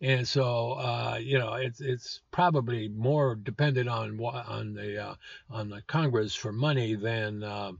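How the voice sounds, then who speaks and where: A man's voice: medium pitch, fairly even intonation, measured pace, creaky, no echo. A man in his seventies hosting a political commentary show, blunt and scornful, with lots of "uh" fillers. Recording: dull lo-fi dry recording.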